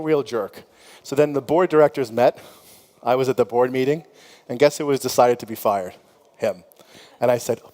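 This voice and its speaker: On a conference panel, a middle-aged man who founded a company trades candid, chatty anecdotes, dropping "you know" often and laughing a lot. His mid-range voice has a slightly mellow quality, and long hall reverb fills the conference room audio.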